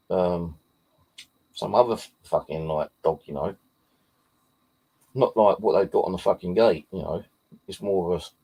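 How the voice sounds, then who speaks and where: Casual and sweary, a paranormal vlogger from southeast London's Bexley wanders through an anecdote with plenty of fillers and heavy swearing. His voice is low, deep, gravelly, and husky, with a dark tone.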